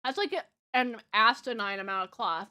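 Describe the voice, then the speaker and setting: Her voice is fairly high, expressive, sharp, clear and resonant, moving at a moderate pace. Streaming a farming game over faint music, this young woman chats casually with viewers, eating and giggling as she goes.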